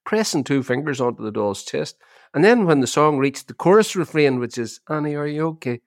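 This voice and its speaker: A middle-aged man, co-hosting a chat podcast as an animated storyteller who often repeats his opening words. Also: mid-range voice, normal speed, no echo, studio quality. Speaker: podcast co-host. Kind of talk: casual chat.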